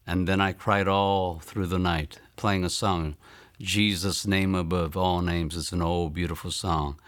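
Earnest low-voiced man telling his testimony. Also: fairly bright tone, no room sound, clean studio sound. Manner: earnest and reflective, slowing down to stress key lines. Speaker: testimony speaker. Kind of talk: personal testimony storytelling.

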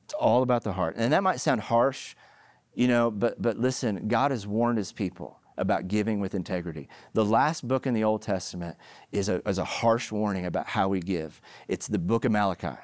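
In a dry recording, a middle-aged pastor with a voice on the low side delivers a sermon at a moderate pace. He tells stories with animated emphasis that rises to loud peaks.

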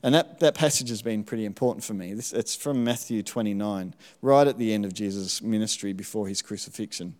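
A middle-aged man giving a sermon testimony in church, telling his story in a relaxed, self-deprecating way with frequent ums. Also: on the low side, fairly quick, few pauses, big-room sound. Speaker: church speaker sharing testimony.

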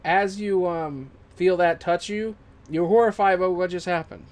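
A man's voice: high-pitched, fairly even intonation, a little slow. A man running a tabletop game as game master, narrating casually with swearing and fillers.

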